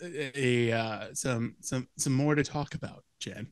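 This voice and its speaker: A man's voice: medium pitch, unhurried, clean tone, dry recording. A man co-hosting a casual podcast who makes dry, wry remarks. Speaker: podcast co-host. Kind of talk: casual chat.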